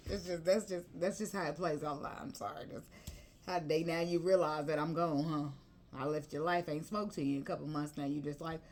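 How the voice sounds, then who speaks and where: A woman's voice: low-pitched, steady tone, fairly quick, a little mellow. A woman giving a casual tarot reading, chatty and slangy, breaking into bits of song and laughter. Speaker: tarot reader.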